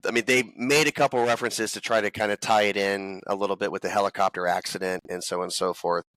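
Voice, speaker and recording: A man's voice: lowish voice, fairly even intonation, fast talker, a bit bright, no echo, poor audio. A man appearing as a guest on a film podcast, giving candid, rambling opinions. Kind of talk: casual chat.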